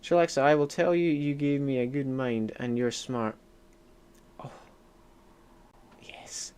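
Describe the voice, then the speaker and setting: A man's voice: mid-range voice, slow, pauses often, clean tone. A young Scottish man chatting casually while streaming a strategy game, reading and answering chat with joking, mock-indignant outbursts. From Scotland. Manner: chatty, jokey, swings between mumbling asides and loud mock outrage. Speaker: gaming streamer.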